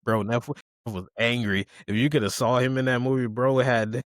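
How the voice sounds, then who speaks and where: A man's voice: medium pitch, moderate pace, no echo, clean studio sound. A man chatting casually on a podcast, retelling a story with acted quotes and lots of swearing. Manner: animated storyteller who acts out quotes, swears freely.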